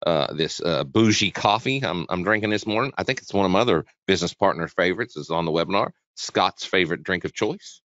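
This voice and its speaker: A man hosting a live trading webinar, chatty and energetic, talking quickly with frequent restarts. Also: low-pitched, no room sound. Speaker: webinar host, trading educator. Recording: dull, dry lo-fi sound.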